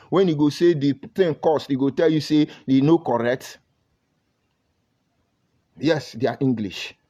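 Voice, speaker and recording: A man's voice: mid-range voice, warm tone. A man with a Nigerian accent delivering a heated, scolding monologue full of rhetorical questions. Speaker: commentator. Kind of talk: impassioned monologue. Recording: dull lo-fi audio.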